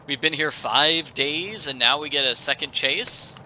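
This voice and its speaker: Brief: upbeat male let's play host, very bright, chatty and joking. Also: fairly high pitch, measured pace, slight background noise, rough recording. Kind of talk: casual gameplay commentary.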